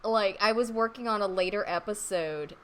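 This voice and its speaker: A woman's voice: mid-range voice, normal speed, low-quality recording. A woman co-hosting a casual fan podcast, chatty and laughing often. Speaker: podcast co-host.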